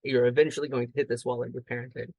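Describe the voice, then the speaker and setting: A man's voice: mid-range voice, flat delivery, fast, vocal fry, darkish tone, dry recording. A man talking casually as a podcast guest, a father telling rambling family stories full of fillers. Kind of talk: casual storytelling.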